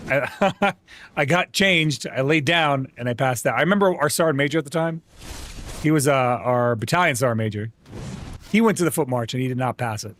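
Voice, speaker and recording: A man's voice: medium pitch, fairly quick, fairly bright tone, a little hiss or hum. A young man streaming live, chatting casually with viewers and telling joking stories, with some swearing. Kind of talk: casual chat with livestream viewers.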